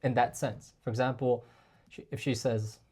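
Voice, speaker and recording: A man coaching male viewers on dating in a casual, chatty talk to camera, often calling them guys and filling pauses with like and um. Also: medium pitch, steady tone, a little mellow, slightly rough. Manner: chatty, addresses viewers as guys, frequent fillers.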